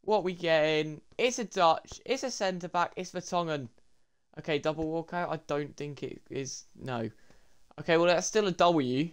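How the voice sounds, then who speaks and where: A young man, commentating his game pack openings in an excitable way and talking to viewers as lads and boys. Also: fairly high pitch, moderate pace, smooth. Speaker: gaming YouTuber.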